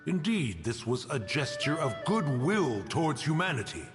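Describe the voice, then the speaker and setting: Imperious ancient mountain spirit. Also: male voice, on the high side, big pitch swings, moderate pace, big-room sound, music in the background. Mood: solemn. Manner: archaic, formal, menacing speech. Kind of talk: game cutscene voice acting.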